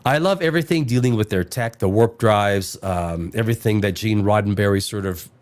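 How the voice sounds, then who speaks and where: A man's voice: on the low side, a little fast, a little mellow. A man hosting a casual chat, rambling and cursing with many restarts. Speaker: host.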